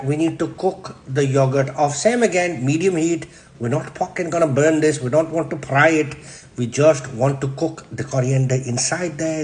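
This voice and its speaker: A man with a Yorkshire accent gives a comic cooking demonstration. His voice sits high for a man. He is brash and deadpan, with swearing in almost every other line. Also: slight background noise. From Yorkshire, England. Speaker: cooking show host.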